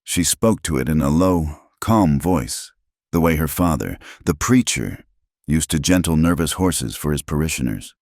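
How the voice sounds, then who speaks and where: A man narrating a scripted western tale in a measured, dramatic reading style. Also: very deep voice, darkish tone, no room sound, clean studio sound.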